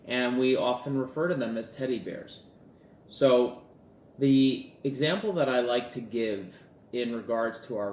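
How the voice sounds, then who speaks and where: A man's voice: medium pitch, darkish tone, slight background noise. Man coaching on relationships, roomy sound. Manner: storytelling with acted-out dialogue. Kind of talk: casual talk to camera.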